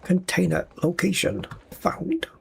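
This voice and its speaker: A man's voice: high-pitched, very animated, measured pace, vocal fry, slight background noise. A man streaming a space game from home, muttering dry, wry remarks to himself as he plays. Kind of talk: casual livestream commentary. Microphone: desk mic at a gaming rig.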